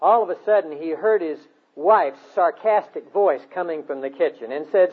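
A man's voice: on the high side, moderate pace, hardly any pauses, husky. A man preaching a sermon, exhorting his listeners in an earnest way and telling stories from his life. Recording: tinny phone-like sound.

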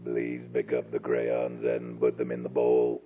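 Deep slow robot voice. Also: male voice, vocal fry, slight background noise, full character voice. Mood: commanding. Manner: slow, deep, mechanical monotone. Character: flat monotone robot addressing children. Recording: tinny phone-like broadcast.

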